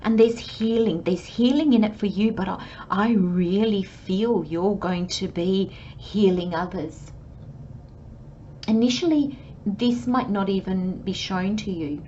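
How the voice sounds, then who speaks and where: A woman gives a channelled tarot reading as a monologue, talking gently and chattily and slipping into short imagined dialogues. Her voice sits at an ordinary medium pitch and her pace is measured. The recording sounds slightly dull, with a faint hiss behind her.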